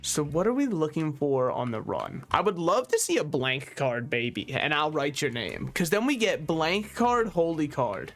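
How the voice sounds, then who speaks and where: Young male streamer, somewhat high voice, animated ranting with quick asides, soft game music under him. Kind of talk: casual gaming stream chat.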